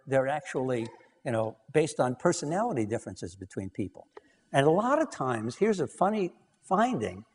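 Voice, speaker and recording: A man's voice: mid-range voice, darkish tone, big-room sound. A man giving a conversational lecture on couples research, telling anecdotes and acting out dialogue, with frequent "you know".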